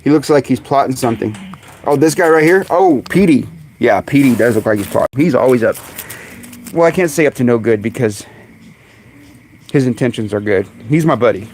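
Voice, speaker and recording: A man hosting a casual live stream outdoors among his birds, chatting away and calling to them in high coaxing tones, recorded on a phone. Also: animated, a little fast, pauses often, a little mellow, a little hiss or hum. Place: outdoors in a bird yard on a sunny day. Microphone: phone camera.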